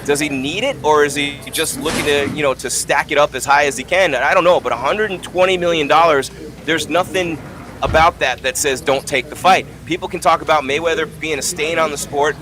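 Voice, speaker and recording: A man hosting a combat sports talk show, talking in an animated, opinionated way and telling anecdotes. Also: fairly high pitch, brisk. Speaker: host. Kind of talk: casual combat sports commentary.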